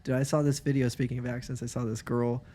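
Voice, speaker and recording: A man's voice: mid-range voice, flat delivery, quick pace, warm tone. A man co-hosting a podcast in laid-back, joking casual chat. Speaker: podcast co-host.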